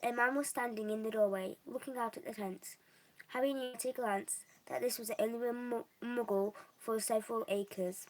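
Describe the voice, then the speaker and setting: Young woman, reading a novel aloud, homemade, slips and restarts, slightly high voice. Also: fairly even intonation, moderate pace, poor audio. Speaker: reader.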